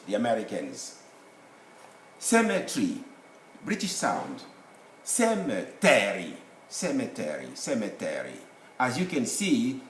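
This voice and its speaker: A man teaching English pronunciation, speaking slowly and deliberately and repeating each word for drill. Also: on the high side. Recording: echoey room with faint ambient noise.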